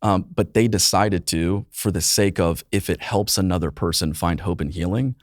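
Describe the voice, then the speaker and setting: A man in his thirties, a youth pastor guest on a podcast, telling a painful personal story earnestly and with emotion, often softening his voice. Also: moderate pace, no echo, studio quality. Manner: earnest, emotional storytelling, voice drops low and soft in painful moments. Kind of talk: personal testimony in conversation.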